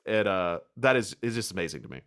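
A young man from Kentucky with a slight country twang tells stories on a casual podcast, laughing often as he goes. His voice is bright and forward, and his pitch swings widely as he talks. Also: fast. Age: 20s. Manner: animated storytelling, laughs often. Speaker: podcast co-host. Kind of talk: casual chat.

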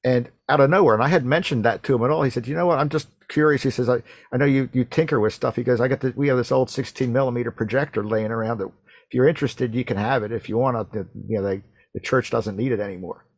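A man's voice: medium pitch, dry recording. Male host type, retells a story conversationally, stumbles and restarts a lot, dry mic. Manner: halting, repeats words and restarts often. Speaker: radio show host.

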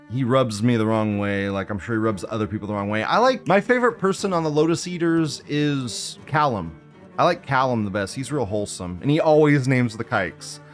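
A man hosting a live stream, chatting casually and sarcastically, swinging between loud outbursts and low mutters. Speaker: livestream host.

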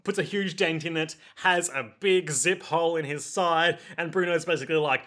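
A man's voice: fairly high pitch, normal speed, hardly any pauses, a bit bright. A young adult man casually and animatedly retelling a story with jokes as a podcast co-host. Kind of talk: casual comedic recap chat.

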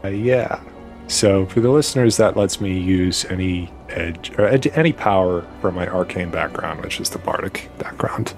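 A man playing a tabletop role-playing game, talking through his character's actions in a measured way. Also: sits low, soft background music. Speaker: player. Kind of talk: tabletop role-play session.

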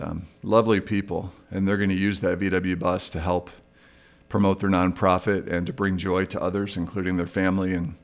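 A middle-aged man hosting a solo podcast, talking candidly and reflectively about his own struggles. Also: low-pitched. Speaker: podcast host. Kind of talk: solo recovery podcast monologue.

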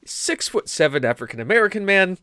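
A young man co-hosting a podcast, telling long, animated stories that ramble and restart mid-phrase. His voice sits a little high, and the sound is dry and close with no room echo. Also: brisk, clear, resonant tone. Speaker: podcast co-host. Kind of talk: casual storytelling chat.

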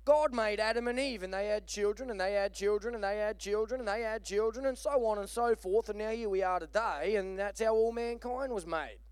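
A man's voice: sits high, fairly quick, few pauses, clean tone, no echo, studio quality, natural voice. A man putting on an English accent to voice a patient mother in a joke. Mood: explaining. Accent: put-on English. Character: English mother explaining creation, woman, patient.

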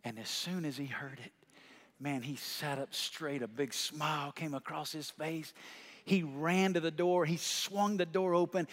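High-voiced preacher in a reverberant hall. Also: male voice, steady tone, unhurried. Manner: storytelling preacher, building to shouted climaxes. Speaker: pastor. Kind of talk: sermon.

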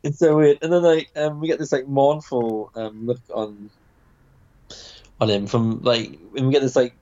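A man's voice: mid-range voice, fairly even intonation, moderate pace, dark tone, muffled recording. A man chatting casually about a comic book, rambling with many fillers and restarts.

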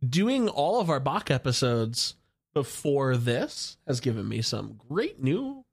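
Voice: mid-range voice, slow pace, breathy edge. A podcast co-host talking casually with wry jokes and asides. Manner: wry, expressive, joking asides. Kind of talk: casual podcast review chat.

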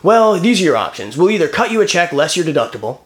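30s dude, kinda high voice, animated story ranting, swears a ton. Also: male voice, quick pace. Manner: animated storytelling, acts out phone calls, swears freely. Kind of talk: casual chat.

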